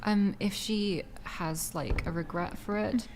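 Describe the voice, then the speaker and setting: A woman from Wales with a received pronunciation British accent, a guest on a casual podcast panel, soft-spoken and giggly, hedging often. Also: medium pitch, steady tone, takes it slowly, slight background noise.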